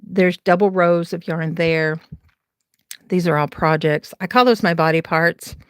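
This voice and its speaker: A Southern woman in her forties hosts a casual late-night crafting livestream, wandering from room to room in her home as she rambles, laughs often and talks to her viewers. Her voice is lowish, unhurried and clean-toned, and the recording is dry.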